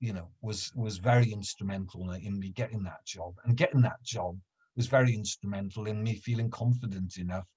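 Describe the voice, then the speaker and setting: Husky low-voiced man. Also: a little mellow, lo-fi sound. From Wales. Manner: halting, with frequent restarts and repeated words. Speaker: professional storyteller. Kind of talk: casual conversation, recounting anecdotes.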